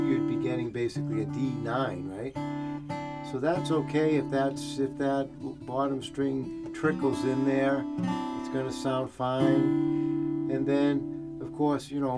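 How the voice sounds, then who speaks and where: A man talks through a guitar lesson in a relaxed, explanatory manner at a middle pitch. He walks through chord shapes and hums the melody between lines. Clear guitar playing runs behind his voice. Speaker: guitar teacher.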